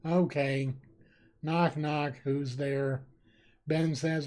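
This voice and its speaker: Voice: medium pitch, slow pace, darkish tone. A live streamer in casual chat who reads viewers' jokes aloud and laughs at them often, with a desk microphone. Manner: giggly, reacts with frequent laughter.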